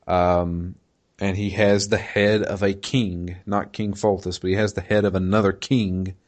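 A man in casual chat, recapping a game in a halting way with many fillers and restarts. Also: low voice, flat delivery, a little mellow. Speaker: podcast co-host recapping a video game.

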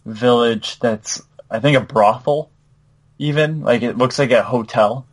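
A man with a mid-range voice tells game stories in loose, casual chat. He halts often and restarts his sentences, filling pauses with ums, likes and little laughs. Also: mid-range voice. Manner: halting, lots of fillers and restarts, laughs while telling.

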